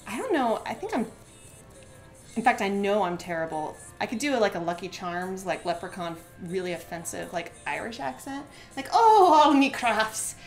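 A woman's voice: mid-range voice, sing-song, normal speed, faint music behind. Chatty, giggly woman streaming crafts. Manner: chatty and giggly, heavy on "like" fillers. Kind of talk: casual live-stream craft tutorial.

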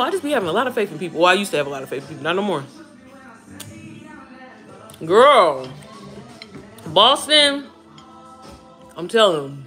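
A woman in her thirties chats casually with her viewers, swooping all over her register in a fairly high, bright voice. She calls them girl and baby as she talks. Music plays quietly behind her. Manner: chatty, animated, addresses listeners as girl and baby. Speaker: vlogger talking to viewers while cooking. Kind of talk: casual chat.

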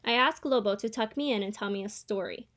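A woman reading a children's picture book aloud in a steady, clear storytelling way. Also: mid-range voice, brisk. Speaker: reader.

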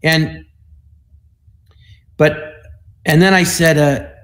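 Male, 60s, from the US. Panel guest, animated storyteller who acts out the dialogue. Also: a little high, drawn-out words. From United States. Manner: animated, acts out other people's lines in the stories. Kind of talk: anecdotal storytelling.

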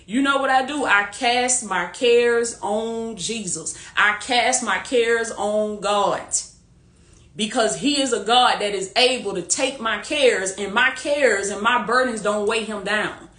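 Speaking into a phone or webcam on her live stream, this woman coaches from a faith-based angle. Her tone is warm-hearted, preachy and rallying, with lots of repetition and frequent laughter. The voice sits slightly high, and the room is echoey.

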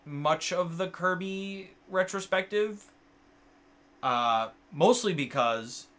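Man, bright forceful voice, casual gaming chat, rambling, lots of fillers, excitable, swears a lot. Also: medium pitch. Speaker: co-host of a gaming channel. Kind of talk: casual chat while playing games.

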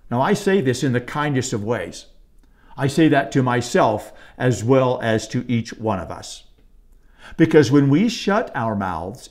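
Calm, measured man preaching a sermon. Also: mid-range voice. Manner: calm, measured delivery that slows and softens on key phrases. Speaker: pastor.

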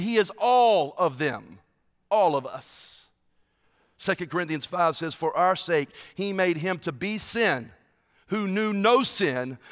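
A man preaching a sermon as a pastor, passionate, swinging from hushed tones to loud, driving lines. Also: sits high, big-room sound. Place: church hall.

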